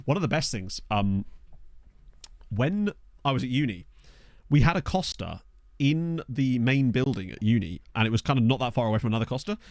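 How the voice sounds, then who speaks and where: A young Southern English man with a medium-pitched, slightly mellow voice talks at normal speed but with animation, playing a game and reading his chat aloud. The recording is dry and studio quality, made with a desk microphone.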